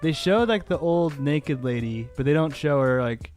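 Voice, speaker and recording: Guy on a movie podcast, rambly and excited, says like a lot, faint music in the back. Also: on the high side, moderate pace. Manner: rambling, enthusiastic, lots of "like". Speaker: podcast co-host. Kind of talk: casual movie review chat.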